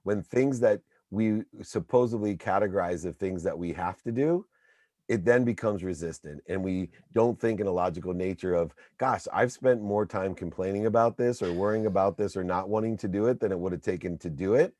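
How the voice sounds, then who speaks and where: A man's voice: sits low, a little fast, a little mellow, no echo, clean studio sound. A man in his forties, a guest, giving emphatic motivational talk in punchy lists.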